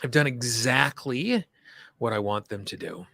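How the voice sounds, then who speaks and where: A man leading a guided tapping session, speaking slow soothing affirmations with chatty asides between them. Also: medium pitch, lively intonation, vocal fry, pushed and bright, no room sound. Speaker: tapping coach.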